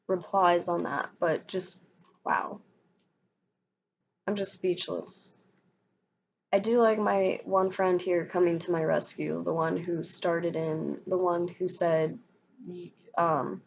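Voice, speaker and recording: Rambling, frustrated young woman vlogger, gravelly. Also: on the low side, steady tone, takes it slowly, long pauses. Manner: frustrated, rambling, with many restarts. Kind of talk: casual ranting monologue. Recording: dull lo-fi sound with faint noise.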